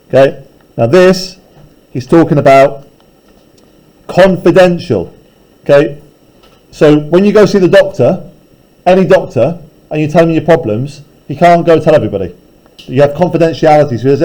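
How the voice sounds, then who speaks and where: A man's voice: on the high side, moderate pace, pauses often, warm tone, rough recording. A male teacher casually explaining a novel to a class, often checking in with "right?" and "okay?".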